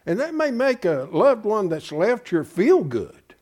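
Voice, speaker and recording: A man's voice: high-pitched, very animated, measured pace, a little mellow. A pastor preaching in an emphatic, folksy way, asking his congregation rhetorical questions. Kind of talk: sermon.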